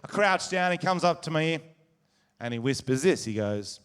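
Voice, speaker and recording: An Australian man doing stand-up comedy, telling crude, animated stories on stage. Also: a little high, normal speed, smooth. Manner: crude, animated storytelling with crowd laughter. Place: live comedy venue with audience. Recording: live stage recording with crowd. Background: audience laughter.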